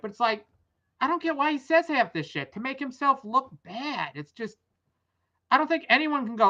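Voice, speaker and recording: A woman's voice: on the high side, very animated, moderate pace, bright, forceful tone. A young adult woman hosting a casual rambling commentary, blunt and exasperated, swearing freely. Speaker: vlog host. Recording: dull lo-fi audio.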